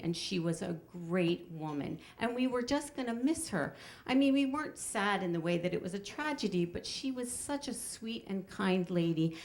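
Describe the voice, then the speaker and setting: A woman's voice: on the low side, gravelly. Wry middle-aged woman telling a story. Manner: wry, animated, slows for punchlines. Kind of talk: live storytelling performance. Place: stage before an audience.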